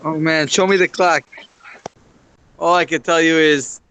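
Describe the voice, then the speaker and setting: A man's voice: fairly high pitch, fairly even intonation, unhurried, a bit bright, slight background noise, low-quality recording. A man on a group video call sharing earnestly in long run-on sentences. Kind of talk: heartfelt casual sharing.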